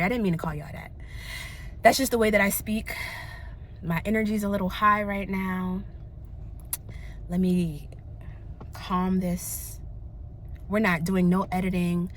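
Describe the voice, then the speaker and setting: A young woman vlogging in candid casual chat, animated and slangy, often laughing. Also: fairly low pitch, a little hiss or hum.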